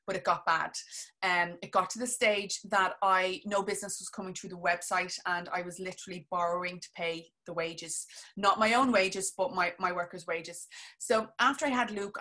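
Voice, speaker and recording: A woman's voice: mid-range voice, bright, forceful tone. A woman in her thirties with an Irish accent, a business coach telling a candid personal story to camera and often calling her viewers "guys". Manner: heartfelt, keeps addressing viewers as guys.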